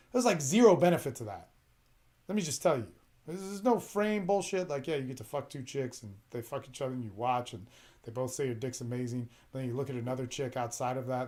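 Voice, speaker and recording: A man's voice: mid-range voice, darkish tone. A man hosting an advice podcast, talking bluntly in a rambling, profane, emphatic way. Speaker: podcast host giving relationship advice. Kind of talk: casual advice monologue.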